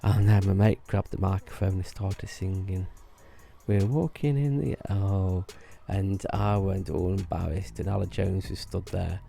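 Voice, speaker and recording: Gravelly low-voiced man rambling through memories. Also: flat delivery, moderate pace, hardly any pauses, dark tone, soft background music. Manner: rambling, restarts often, laughs at own stories. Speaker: vlogger recalling theme park work. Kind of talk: rambling casual storytelling.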